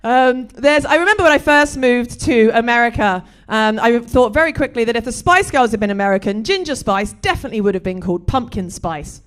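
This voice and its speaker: A woman's voice: a little high, a little fast, few pauses. Dry British woman doing stand-up. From Britain. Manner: dry, deadpan delivery with bawdy jokes. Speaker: stand-up comedian. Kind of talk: stand-up comedy set.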